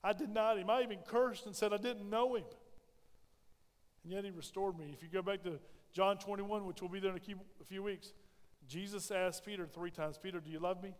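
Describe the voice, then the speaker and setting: Male pastor, high voice, sermon in a reverberant sanctuary, swings between loud emphasis and soft asides. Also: steady tone, fairly quick. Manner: preaching with rising emphasis and soft drops. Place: church sanctuary.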